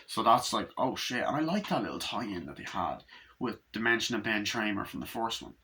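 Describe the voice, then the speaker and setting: A man's voice: on the low side, sing-song, a little fast, sharp tone, slight background noise. A man giving a casual, rambling movie review, re-enacting scenes and swearing freely.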